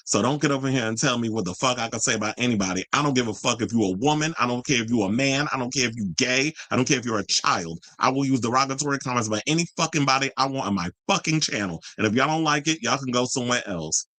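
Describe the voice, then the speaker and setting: A man's voice: mid-range voice, quick pace, few pauses, bright, forceful tone, no room sound, poor audio. A man hosting a live-stream commentary show, ranting profanely and arguing straight with his viewers. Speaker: host.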